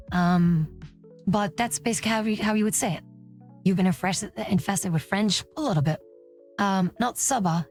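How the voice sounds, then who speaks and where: A woman's voice: lowish voice, a little mellow. Woman streamer teaching her dialect, lots of um and like, faint music behind. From West Flanders, Belgium. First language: West Flemish. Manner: rambling, full of "um" and "like". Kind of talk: casual live-stream lesson.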